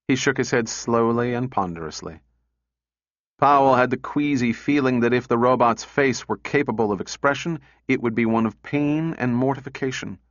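A man narrating a story in a measured, even storytelling manner. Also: medium pitch, no room sound, lo-fi sound. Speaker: audiobook narrator. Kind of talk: scripted narration.

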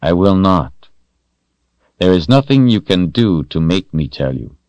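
A man's voice: low voice, very animated, unhurried, darkish tone, dry recording, dull audio. A man voicing a terrified young male captive under torture who talks in a fearful, strained, pleading way. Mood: defiant.

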